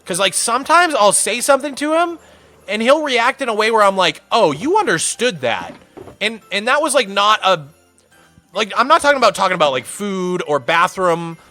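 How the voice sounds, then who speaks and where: A male streamer chatting casually with his viewers, rambling through stories in an animated way and saying "dude" and "man" a lot. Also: high voice, fairly quick, soft background music.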